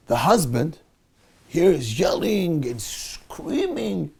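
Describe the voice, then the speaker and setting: A man's voice: a little high, normal speed, vocal fry, long pauses. A male rabbi teaching a Torah class, telling a story with animation and acting out the people in it. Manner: animated storyteller who acts out the people in his tale.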